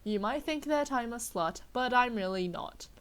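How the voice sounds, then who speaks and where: A woman's voice: a little high, animated, moderate pace, a bit bright, clean tone. A young woman with a sore throat giving a mock-dramatic comedic reading, breaking off for exasperated, sarcastic asides. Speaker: dramatic reader of a fanfic.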